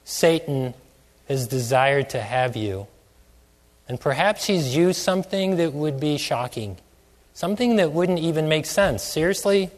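A man's voice: on the high side, animated, unhurried. A man preaching a sermon, asking many questions and stretching out phrases for emphasis. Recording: long hall reverb.

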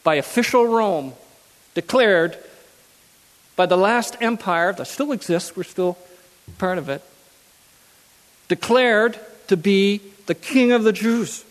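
A man's voice: sits high, slow pace, pauses often, big-room sound. A man preaching a sermon who reads scripture aloud and then repeats key phrases for emphasis.

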